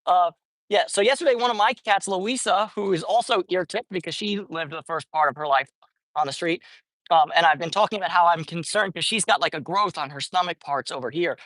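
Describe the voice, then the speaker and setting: At an outdoor street cat feeding spot, a woman livestreams casual chatter, rambling and often catching and fixing her own words. Her voice is lowish, brisk, and fairly bright, recorded dry.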